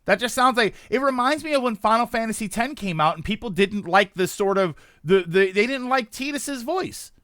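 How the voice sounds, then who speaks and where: A man in his thirties talking casually on a stream, rambling and animated, reacting to chat. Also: high voice, normal speed, hardly any pauses, no echo, clean studio sound.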